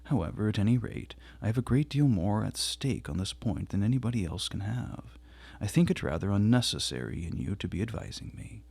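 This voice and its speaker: A man reading aloud voices a proud, dismissive young woman who answers with indignant emphasis, in a gravelly, husky voice. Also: lowish voice, animated, fairly quick, a little mellow, no room sound, heavily acted. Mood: curt.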